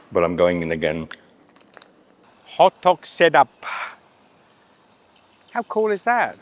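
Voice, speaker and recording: A man's voice: sits low, wildly swooping pitch, takes it slowly, pauses often. A man hosting a casual travel food vlog outdoors at a street stall, chatty and cheerful, laughing often and talking while he eats. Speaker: travel vlogger.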